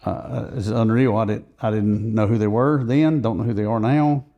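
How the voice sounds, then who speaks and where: A man's voice: on the low side, fairly even intonation, moderate pace, mellow, highs cut off. A man, a podcast guest, earnestly recounting events at length in conversational storytelling.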